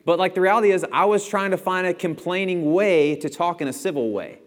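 A man's voice: high-pitched, brisk. A young man giving a casual, storytelling sermon in a church, chatty and self-deprecating and chuckling often. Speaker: church speaker. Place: church auditorium. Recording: long hall reverb.

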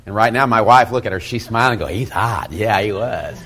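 A middle-aged man teaching as a pastor, folksy and animated, acting out quoted asides. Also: on the low side, fast talker. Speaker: pastor teaching a Bible study method. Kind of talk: sermon-style teaching talk.

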